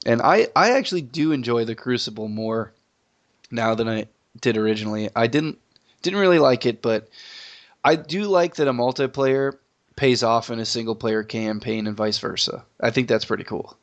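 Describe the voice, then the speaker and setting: A man hosts a laid-back gaming podcast while fighting a cold, sniffling between lines. His voice sits in an ordinary middle pitch, and he keeps things loose with easy jokes. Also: moderate pace, dull audio. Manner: joking, relaxed. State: sick, sniffling. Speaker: podcast host. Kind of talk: casual gaming podcast chat.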